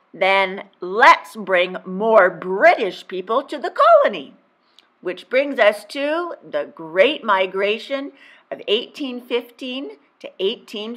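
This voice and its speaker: A woman teacher narrates a history lesson aimed at children, playful and teasing, dropping exaggerated asides to her students. Her pitch sits at an ordinary middle height but swings widely and expressively from line to line. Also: pushed and bright.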